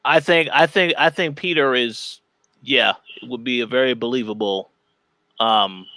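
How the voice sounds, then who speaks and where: A man's voice: medium pitch, measured pace, bright, forceful tone, no echo, poor audio. A man co-hosting a casual spoiler review, mostly giving short agreements and stammering as he restarts his thoughts. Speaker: editor-in-chief co-hosting the review.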